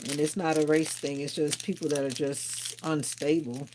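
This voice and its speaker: A woman's voice: low voice, flat delivery, normal speed, background noise. A woman hosting a casual livestream, chatting and answering viewer comments aloud. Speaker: livestream host.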